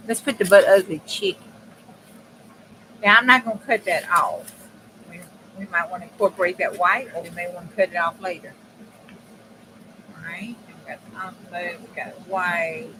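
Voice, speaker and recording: A woman's voice: lowish voice, normal speed. A woman hosting a crafting video, chatting folksy and direct to her viewers as she works at a home craft table. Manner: folksy, chatty, talks straight to viewers with dialect phrasing. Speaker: crafting channel host. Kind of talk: casual crafting chat while working. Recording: steady background noise.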